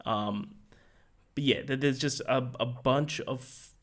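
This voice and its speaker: A man co-hosting a podcast, giving a casual, rambling film review with many fillers and restarts in a monotone voice. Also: mid-range voice, slow pace. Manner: calls his voice monotone. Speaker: podcast co-host.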